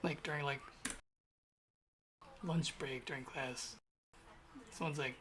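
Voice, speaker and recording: A man's voice: medium pitch, steady tone, measured pace, long pauses, fairly bright tone, slight background noise. A young man talking to himself as he codes on a stream, rambling and grumbling in a casual way. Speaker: programmer streaming his coding. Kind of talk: casual thinking aloud while coding.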